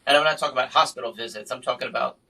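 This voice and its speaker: A man hosts a casual podcast chat and spins animated stories. His voice is bright and pushes forward. He sits a little away from the microphone, so the sound is slightly distant. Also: mid-range voice, rapid-fire, gravelly, breathy edge. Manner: animated storyteller. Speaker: podcast host and magician.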